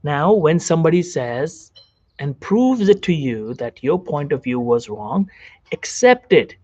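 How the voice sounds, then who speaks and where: A man's voice: fairly high pitch, lively intonation, a little slow, a little mellow, dry recording, muffled recording. A man, a doctor, giving a seated self-help psychology talk, repeating phrases and asking the viewer questions. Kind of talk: direct-to-camera self-help lecture. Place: seated on a chair.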